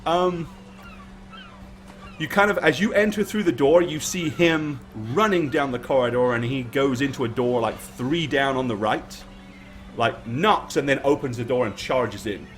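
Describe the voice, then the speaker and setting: A man's voice: medium pitch, measured pace, soft background music. A man narrating a tabletop game as game master in a casual, hesitant way, with many fillers.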